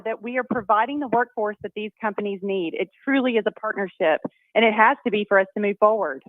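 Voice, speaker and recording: A woman's voice: fairly high pitch, dry recording. A congresswoman, talking enthusiastically as a guest on a radio show. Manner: upbeat, enthusiastic storyteller. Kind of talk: phone-in radio interview. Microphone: phone. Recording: tinny phone line.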